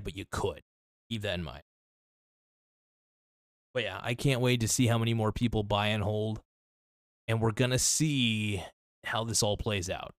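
A man hosting a casual solo podcast, talking in a loose, rambling, profane way with many restarts, his voice a little worn and hoarse. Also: on the low side, no room sound, studio quality. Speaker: podcast host.

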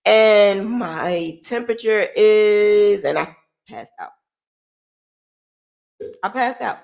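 Speaking a little slowly in a gravelly voice, a woman recounts her own experience in a relaxed vlog. She's open, emotional and swears a lot, going soft and hushed before getting loud and laughing.

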